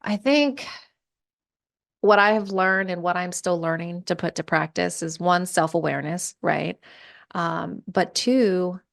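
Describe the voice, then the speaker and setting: A middle-aged woman, a podcast guest, telling a story in an animated way and acting out the voices of the people in it. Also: fairly low pitch, measured pace, creaky. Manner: animated, acts out quoted voices. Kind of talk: storytelling in conversation.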